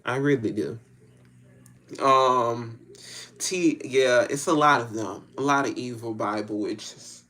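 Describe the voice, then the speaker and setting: This spiritual reader, a man with a Southern US accent, talks straight to his viewers slowly in a mid-pitched voice that sounds pushed and bright. His rambling monologue is blunt, slangy and peppered with curses, often looping back over the same points.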